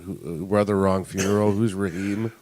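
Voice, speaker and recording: A man co-hosting a podcast, retelling a friend's story in casual chat and mocking him with shouted quotes. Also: sits low, little pitch movement, a little fast. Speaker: podcast co-host.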